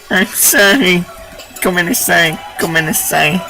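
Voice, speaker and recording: A man doing a gentle, apologetic young girl, his voice lifted higher than his own and bright with feeling. She keeps naming herself in the third person as she talks. Game music plays underneath. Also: slow pace, vocal fry, exaggerated voice, low-quality recording.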